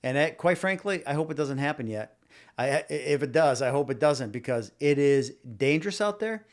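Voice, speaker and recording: A man's voice: a little high, lively intonation, normal speed. Rambling, argumentative male podcast host. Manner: rambling, repeats and restarts words, argumentative; talks directly to live viewers. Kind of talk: casual opinion monologue.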